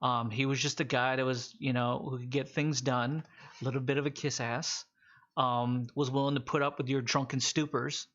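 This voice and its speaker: A man narrating as game master of a tabletop role-playing game, wandering through his descriptions with frequent restarts. His voice sits at an ordinary pitch. The recording is a bit muffled and lo-fi. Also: flat delivery, normal speed, fairly bright tone. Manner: loose, rambling narration with many restarts.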